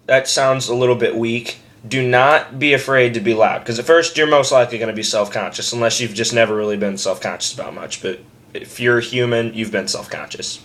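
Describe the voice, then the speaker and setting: A man's voice: medium pitch, fairly even intonation, brisk. Brief: young guy, home webcam tutorial, offhand and self-mocking, breaks into harsh screams. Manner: rambling, self-deprecating, with loud demo screams. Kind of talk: casual vlog tutorial.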